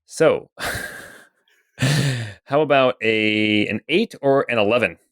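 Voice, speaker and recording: A man narrating as dungeon master in a calm, methodical way, filling pauses with "okay" and "um.". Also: mid-range voice, smooth, no echo, studio quality. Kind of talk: narrating a tabletop game.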